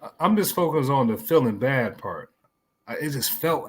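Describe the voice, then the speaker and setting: A man hosting a casual podcast debate, steering the talk back to his question with halting restarts. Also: mid-range voice, lively intonation, husky. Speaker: podcast host and moderator. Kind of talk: casual debate among friends.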